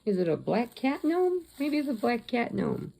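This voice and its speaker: A woman's voice: a little high, very animated, normal speed, vocal fry, dark tone. A woman crochet vlogger chatting to camera at home, retelling a story in a rambling, chatty way with restarts.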